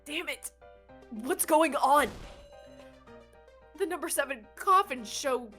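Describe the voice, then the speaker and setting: A woman's voice: sits high, slow, sharp tone, soft background music. A woman co-hosting a let's play, reacting with exclamations and laughter in casual chat.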